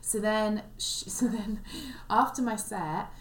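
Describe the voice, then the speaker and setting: A woman's voice: medium pitch, slow. A young woman and comedian, chatting on a podcast and telling a long story in a rambling way, with many restarts. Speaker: podcast co-host and stand-up comedian. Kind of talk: casual chat, storytelling. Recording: echoey room, faint background noise.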